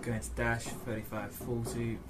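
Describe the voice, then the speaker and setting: A man playing a tabletop game, chatting casually and checking in with quick questions. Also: mid-range voice, monotone, loud music behind the voice. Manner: chatty, checking in with short replies. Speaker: player. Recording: noisy background.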